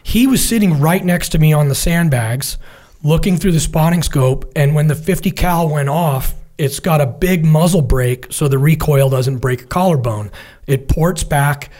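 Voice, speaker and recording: A man's voice: fairly high pitch, normal speed. A middle-aged man, a military veteran, telling a war story in casual conversation and acting out what his comrades said. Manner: vivid storytelling, animated quoting of comrades.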